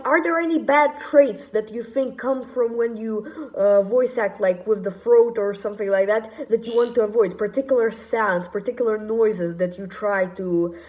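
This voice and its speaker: A woman's voice: medium pitch, a little mellow. A woman hosting an interview, asking long, rambling questions in an eager, casual way. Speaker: interviewer, host.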